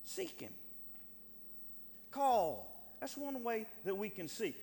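A man preaching a sermon with fervor, often repeating words and restarting phrases, and building to shouted cries. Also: sits high, big pitch swings, slow, vocal fry. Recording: long hall reverb.

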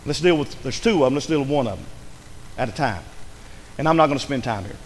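A man preaching a sermon, dramatic, dropping to a hush and rising to a shout. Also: medium pitch, animated, quick pace, big-room sound, slight background noise.

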